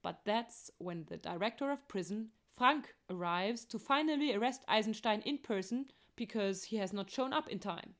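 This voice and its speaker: A woman's voice: mid-range voice, expressive, normal speed, few pauses, a bit bright. A woman walking through the plot of an operetta in a light, chatty tone, tossing in jokes along the way. Her voice sits in an ordinary middle range. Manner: chatty, joking asides. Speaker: opera plot explainer. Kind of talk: playful plot summary narration.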